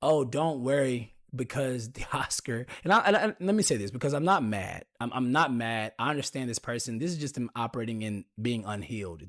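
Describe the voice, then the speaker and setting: A man's voice: mid-range voice, lively intonation, fairly quick, few pauses, a bit bright. Candid man telling a personal story. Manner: candid, confiding, addresses listeners as y'all. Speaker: podcast host.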